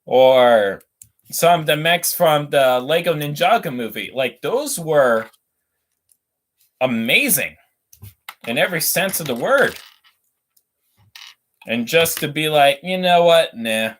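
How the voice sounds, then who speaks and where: A man's voice: on the high side, animated, slow, pauses often, fairly bright tone. A young man hosting a casual livestream while building toy models, rambling and ranting between reading out chat messages.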